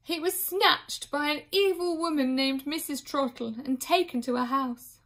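A woman's voice: high voice, unhurried, a bit bright, pitched above the performer's own voice. A woman voicing three grief-stricken women nurses who wail and moan over their guilt. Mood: indignant. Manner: wailing, moaning, overwrought.

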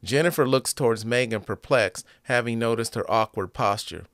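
A man narrates a story aloud as its reader, in a steady, measured way. His voice sits at an ordinary middle pitch. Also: no echo, studio quality. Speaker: audiobook reader.

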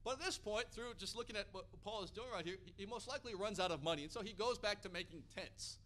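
High, forceful preaching man. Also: fast talker, slight background noise. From Hawaii. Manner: energetic, animated storyteller. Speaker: pastor. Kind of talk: sermon with personal storytelling.

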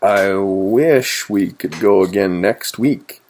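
A man voicing a quick, wily male weasel in a children's storybook, talking in a lively, excited way. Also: low voice, exaggerated voice.

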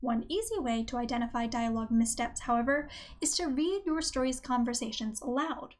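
A woman hosting a writing-advice podcast, reading a script in a clear, measured way. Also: on the high side, animated. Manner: clear, measured delivery, reading examples aloud. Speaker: podcast host.

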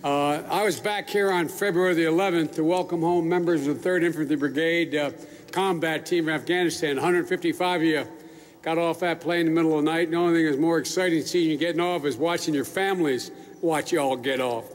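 Older man, public speech to troops, folksy and rambling, slightly high voice, echoey hall. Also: fairly even intonation, brisk. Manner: folksy, rambling with asides and restarts. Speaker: speaker addressing troops. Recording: echoey large hall with faint noise.

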